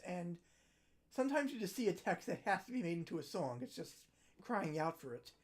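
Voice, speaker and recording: A woman hosting a holiday livestream, chatting casually between songs in a rambling, self-deprecating way that trails off quietly. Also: fairly low pitch, big pitch swings, brisk. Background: ukulele playing.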